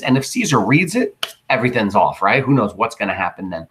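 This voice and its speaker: A man's voice: medium pitch, lively intonation, fast, a bit bright, husky. A male teacher giving a casual recorded lesson, reading lines from a play aloud and explaining them in slangy everyday paraphrase.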